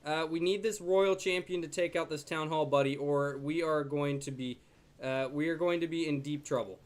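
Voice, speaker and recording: A man's voice: fairly high pitch, steady tone, moderate pace. A young man casually commenting on his own gameplay as a video host, chatty and joking. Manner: chatty, jokey, talks to his dog in a soft baby voice. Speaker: gaming YouTuber.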